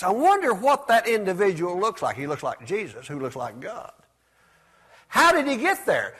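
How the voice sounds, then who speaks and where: A man preaches in call-and-response style, his voice sitting high with a breathy edge. He gets the congregation to repeat words after him, swinging between loud exclamations and soft asides.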